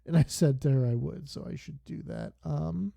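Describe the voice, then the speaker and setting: A young man with a slightly high, gravelly, dark-toned voice streams a game at normal speed. He chats casually and drifts off into long, digressive stories.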